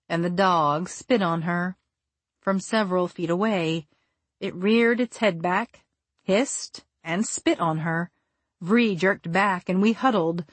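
A woman narrating a first-person story for an audiobook in a measured, wry and deliberate way, close on the mic. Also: lowish voice, no room sound.

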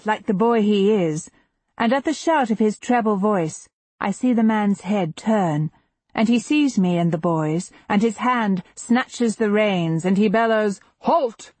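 Husky-voiced woman reading a historical novel. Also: mid-range voice, dry recording. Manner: measured, intimate, emotionally expressive reading. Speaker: audiobook narrator. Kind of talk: first-person historical novel narration.

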